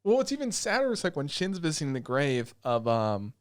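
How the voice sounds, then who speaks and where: A man co-hosting a casual anime podcast, excitable and profane, retelling scenes with animated energy. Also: a little high, brisk, dry recording, clean studio sound. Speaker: podcast co-host.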